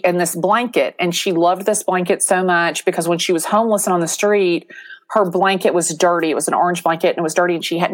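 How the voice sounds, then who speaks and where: Middle-aged female agent, expressive storyteller, slightly low voice. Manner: animated storyteller, acts out quoted voices. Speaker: real estate agent, guest. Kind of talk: interview storytelling.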